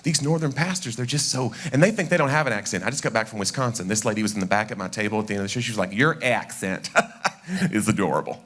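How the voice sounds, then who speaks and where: A man with a Southern East Tennessee accent doing a chatty, self-deprecating stand-up set in a church, with quick asides. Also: medium pitch, fairly bright tone, slight background noise. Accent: Southern American, East Tennessee. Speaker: stand-up comedian. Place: church sanctuary before a live audience.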